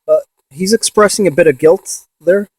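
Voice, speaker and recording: A man in a ghost box session vlog, excitedly calling out to spirits and swearing when he insists to viewers. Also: sits high, normal speed, husky, dry recording. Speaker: paranormal investigator.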